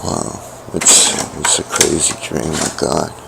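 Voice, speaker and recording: A middle-aged man telling a personal story in a halting way, with many restarts and fillers. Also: very deep voice, fairly even intonation, creaky, very noisy. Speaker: vlogger. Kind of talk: rambling personal account.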